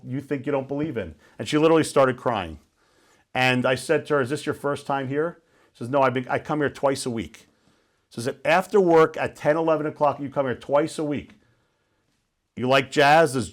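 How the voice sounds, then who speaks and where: Male guest speaker, casual storytelling talk, checks in with the audience. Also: medium pitch. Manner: conversational, asks listeners questions.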